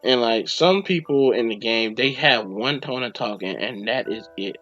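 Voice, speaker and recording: A man's voice: medium pitch, animated, normal speed, fairly bright tone. A man hosting a podcast, rambling casually through a game review and acting out his own reactions. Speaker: podcast host. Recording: dull lo-fi recording with faint music.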